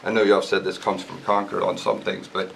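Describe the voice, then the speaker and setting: Southern man speaking up at a town hearing, low gravelly voice, earnest and repetitive. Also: level tone, brisk, fairly bright tone, a little hiss or hum, rough recording. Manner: earnest, pleading, repeats his point. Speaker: resident giving public comment. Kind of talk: public hearing comment.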